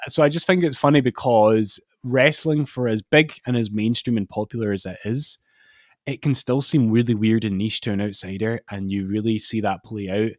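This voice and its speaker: A man's voice: fairly low pitch, fairly even intonation, normal speed, no echo, clean studio sound. Man, rambling podcast storyteller. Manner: rambling storyteller who acts out quotes. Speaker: podcast co-host. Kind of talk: casual chat.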